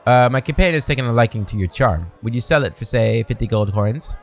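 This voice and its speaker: A man narrating a video game playthrough, reading the on-screen text aloud slowly with casual asides. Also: medium pitch, expressive. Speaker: game streamer.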